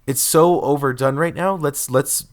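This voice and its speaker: A man's voice: fairly high pitch, measured pace. Emphatic, opinionated male podcast co-host. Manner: opinionated and emphatic, builds his point with repeated "let's"; acts out quotes in exaggerated voices. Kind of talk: casual chat.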